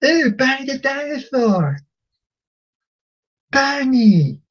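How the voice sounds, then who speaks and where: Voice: sits high, sing-song, takes it slowly, highs cut off, voice pushed up, heavily acted. A video reviewer putting on the voice of an oblivious little boy, in a babyish sing-song mocking tone. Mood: babbling. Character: oblivious three-year-old boy.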